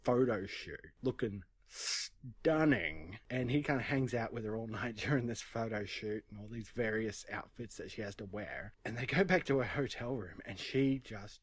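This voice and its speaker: A man co-hosting a movie rewatch podcast with a slightly husky voice. He talks casually and animatedly, leaning on fillers and jumping up in pitch to quote characters. The room sound is dry and close. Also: moderate pace, no room sound. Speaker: podcast co-host. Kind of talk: casual film chat.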